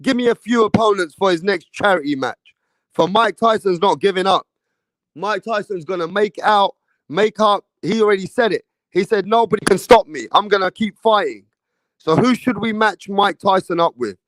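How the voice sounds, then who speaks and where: A man's voice: sits high, moderate pace, fairly bright tone, no room sound. A man from England, hosting a casual live boxing chat stream and reading viewer messages. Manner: casual, chatty, slangy, keeps addressing viewers. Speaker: boxing show host.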